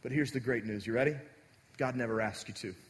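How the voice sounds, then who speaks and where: A man's voice: mid-range voice, brisk. A man preaching a sermon as pastor, talking directly and conversationally to his congregation. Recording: echoey hall.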